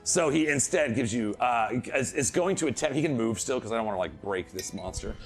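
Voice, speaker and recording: A man narrating a tabletop game as dungeon master, telling the action in an animated, playful way with laughing asides. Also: mid-range voice, fairly quick, faint music behind.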